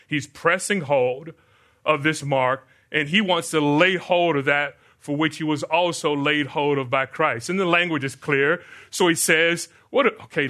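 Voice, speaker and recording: With a sharp tone pitched on the high side, an older pastor from the United States delivers a sermon. He keeps asking his congregation rhetorical questions, supplying the answers on his own.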